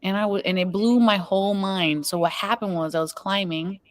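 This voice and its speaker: A woman's voice: mid-range voice, steady tone, normal speed. A woman hosting an online spiritual talk show, telling a personal story in an earnest, chatty way. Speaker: show host. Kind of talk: spiritual interview chat.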